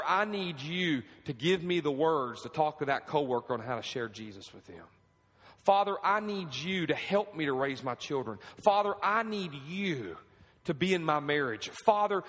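30s guy preaching, kinda high voice, goes from soft pleading to loud fired up, long church echo. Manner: fervent, swings from quiet pleading to high emphatic preaching, asks the crowd for amens. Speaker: pastor. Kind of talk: sermon. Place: church sanctuary. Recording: long reverb of a church hall.

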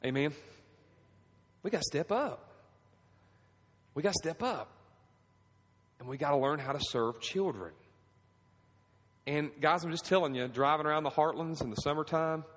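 A pastor in his thirties preaches a fervent sermon in a church sanctuary, moving between quiet pleading and high, emphatic lines while calling for amens. The long reverb of the church hall carries his voice.

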